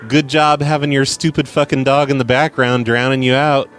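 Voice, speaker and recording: A man's voice: mid-range voice, moderate pace. Guy hosting a podcast, dry sarcastic cussing, faint music under him. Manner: sarcastic, crude, deadpan. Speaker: podcast host playing voicemails. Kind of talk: casual profane commentary.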